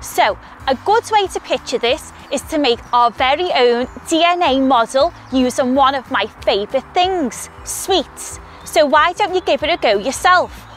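A woman with a Scouse accent, a scientist explaining science to primary school children in a cheerful, clear way. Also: sits high, lively intonation, normal speed, few pauses, a bit bright, faint music behind. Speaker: scientist presenting a kids' science video. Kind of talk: educational talk to children.

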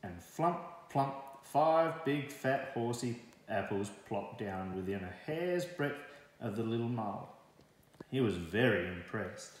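A man reading a children's story aloud in a lively, expressive way. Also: fairly low pitch, slow pace. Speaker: storybook reader. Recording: very echoey room.

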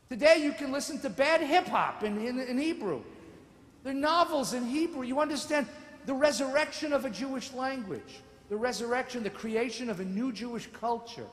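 A man, a rabbi, giving a lecture in a large synagogue sanctuary, telling stories with wry asides. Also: high voice. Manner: animated, sardonic storytelling with mock voices. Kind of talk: lecture with humor. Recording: echoey sanctuary with long reverb.

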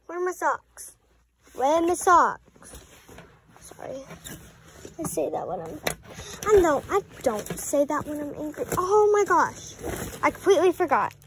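A woman's voice: sits high, sing-song, normal speed, a little hiss or hum. A preteen girl, rambling through a casual vlog with many apologetic asides. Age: around 11 or 12. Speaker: vlogger.

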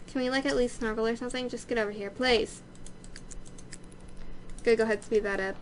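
A young woman giving casual, gushing commentary over a life-sim game she is playing, easily excited and chatty. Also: on the high side, measured pace, long pauses, slight background noise. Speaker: let's play host.

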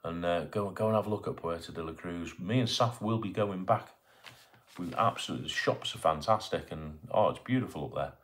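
Low-voiced chatty man hosting a live stream. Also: a little fast, fairly bright tone. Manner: chatty, reads out viewer comments and greets them by name. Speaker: livestream host. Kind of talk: casual live-stream chat. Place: home in Bournemouth.

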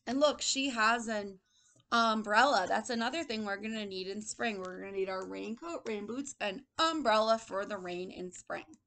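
A woman's voice: medium pitch, moderate pace, a bit bright. A woman teaching a circle-time lesson to young children, prompting them in a patient, sing-song way, recorded on a laptop microphone indoors. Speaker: preschool teacher. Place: indoor room with a table.

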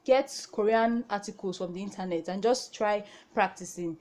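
A woman's voice: mid-range voice, normal speed, darkish tone. Patient woman teaching at a whiteboard. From Nigeria. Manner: patient, repeats words, frequent "okay?" checks. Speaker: language teacher. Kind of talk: whiteboard lesson.

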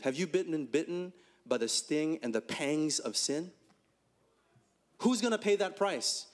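Male pastor, higher register, lively preaching, full of rhetorical questions and big pitch swings. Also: measured pace, long pauses. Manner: animated, rhetorical questions, swings between high and low pitch. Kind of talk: conversational sermon.

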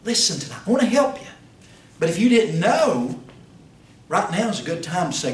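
Pastor, high voice, swoops and shouts, caught from across an echoey church room. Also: male voice, sing-song, normal speed. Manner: rhetorical questions, pitch swings, rises to shouts. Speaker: pastor teaching a Bible institute class. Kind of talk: fiery preaching. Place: church classroom. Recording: roomy, distant mic, faint hiss.

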